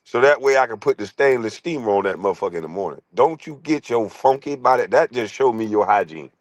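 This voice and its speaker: A middle-aged man streaming a profane comic rant, crude, loud and laughing often. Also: mid-range voice, expressive, fast, no echo.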